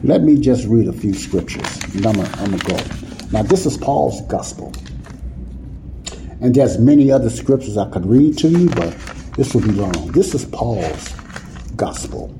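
A man's voice: on the low side, sing-song, normal speed, noisy background. A man teaching the Bible in a sermon, talking informally and often checking "you see what I'm saying?". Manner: informal, nonstandard grammar.

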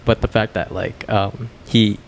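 Young male co-host, lowish voice, rambling and full of fillers. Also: steady tone, a little slow, gravelly, a little hiss or hum. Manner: rambling, hesitant, lots of fillers. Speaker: podcast co-host. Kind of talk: casual podcast chat.

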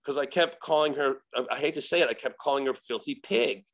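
A man, a shaman guest on a podcast, telling a story in casual chat, animated and profane. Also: mid-range voice, brisk. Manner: animated, profane, acts out quoted dialogue.

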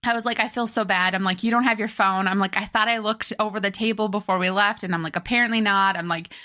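A young woman co-hosting a casual podcast, telling a story with animated, laughing retellings of what people said. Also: medium pitch, fast. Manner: animated, laughing, acts out quotes loudly. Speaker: podcast co-host.

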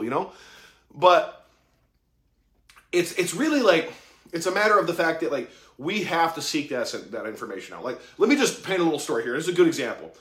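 A man giving a casual monologue about mentorship, profane and excitable, full of slang, acting out conversations he quotes. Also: fairly high pitch. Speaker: tattoo artist talking about mentorship.

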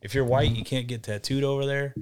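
A young man and podcast guest telling profane, animated stories in casual chat. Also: mid-range voice, fairly quick. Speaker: podcast guest, band vocalist.

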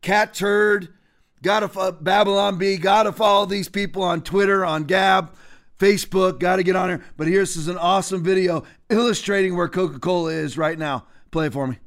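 A man hosting a political commentary show, ranting in a combative, mocking way with many restarts and sudden bursts of loudness. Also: high voice, steady tone, normal speed, gravelly.

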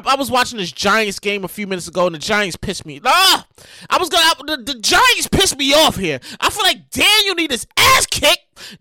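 A New York woman hosts a casual solo podcast, loud and animated, swearing and shouting as she vents. Her voice is high and very bright, and it swings widely in pitch. She is recorded dry on a close mic. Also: dry recording. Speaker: podcast host.

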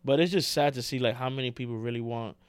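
A man's voice: mid-range voice, fast, smooth, no echo. Slangy man co-hosting a podcast. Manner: animated, slangy, says "bro" a lot. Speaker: podcast co-host. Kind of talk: casual podcast chat.

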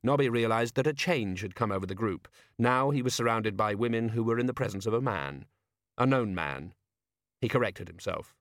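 A man's voice: on the low side, lively intonation, normal speed, no room sound. Man reading a comic novel, dry. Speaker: audiobook narrator. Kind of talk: scripted narration.

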